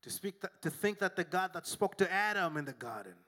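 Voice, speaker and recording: Bright, forceful male pastor preaching. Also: sits high, lively intonation, fairly quick. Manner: emphatic, humorous preaching with call and response. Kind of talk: sermon. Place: church.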